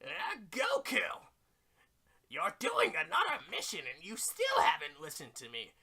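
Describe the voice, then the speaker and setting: A man voicing a cranky old male guardian who shouts and nags, on a game stream. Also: high-pitched, huge pitch swings, unhurried, a crowd in the background, pitched above the performer's own voice, exaggerated voice. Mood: scolding. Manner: shouting, scolding, nagging.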